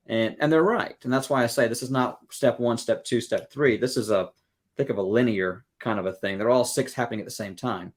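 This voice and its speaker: A man's voice: medium pitch, moderate pace. Man explaining earnestly. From Southern United States. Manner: earnest explaining, with everyday analogies; acts out quoted exchanges. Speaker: guest music educator. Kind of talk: podcast interview.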